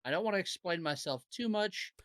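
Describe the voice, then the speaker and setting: A man's voice: high voice, expressive, a little fast, a bit bright, dry recording. A man co-hosting a wrestling podcast, chatting casually and swearing freely. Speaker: podcast co-host. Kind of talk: casual chat.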